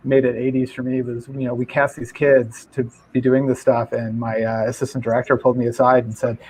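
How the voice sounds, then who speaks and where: A man who is a guest film director, recalling behind-the-scenes stories in a relaxed, rambling way on a video call. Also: mid-range voice, a little fast, slightly rough, poor audio. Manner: relaxed, anecdotal, many fillers. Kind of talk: casual chat.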